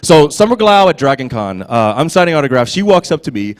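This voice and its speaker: Animated man with lively pitch. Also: brisk. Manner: animated, laughing, swings from low murmurs to loud bursts. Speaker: convention panel guest actor. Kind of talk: casual storytelling on a fan panel.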